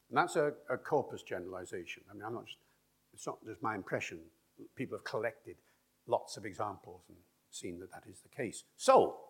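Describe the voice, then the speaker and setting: A man's voice: medium pitch, slightly rough. A man giving a public talk about language, explaining with wry asides and demonstrating pronunciations. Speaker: language expert speaker. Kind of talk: public lecture and Q&A.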